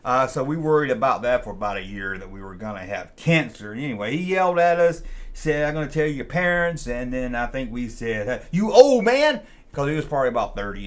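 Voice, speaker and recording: A man hosting his channel, telling a childhood story in a rambling, folksy way and often repeating himself. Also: mid-range voice. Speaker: channel host. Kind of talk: casual storytelling.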